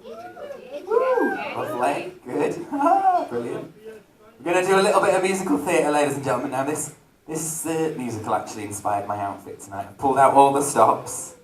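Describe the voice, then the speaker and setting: A man's voice: mid-range voice, brisk. A man doing camp, self-mocking stage banter as a drag entertainer at a holiday park venue. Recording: echoey venue recorded from far off.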